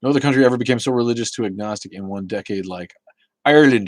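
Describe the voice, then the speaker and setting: A man hosting a casual live talk show, rambling and swearing, with many halting restarts as he answers viewer chat. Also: medium pitch, dry recording, poor audio.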